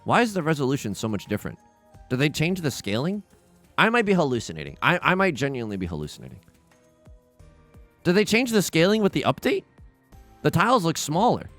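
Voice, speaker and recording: A young man commentating his own game as he plays, anxious and pleading, often begging out loud and exclaiming. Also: on the high side, very animated, fairly quick, pauses often, faint music behind. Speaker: let's play host. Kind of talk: live gameplay commentary.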